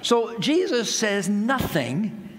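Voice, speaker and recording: A man preaching a sermon in a relaxed, conversational way, acting out the voices of people in the stories he tells. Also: high voice, slow pace, big-room sound, a little hiss or hum. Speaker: pastor.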